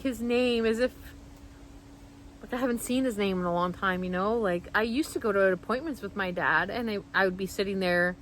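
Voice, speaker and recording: A woman's voice: mid-range voice, fairly bright tone, a little hiss or hum, rough recording. A woman vlogger telling a personal story straight to camera, rambling and heartfelt, full of "like" and restarts.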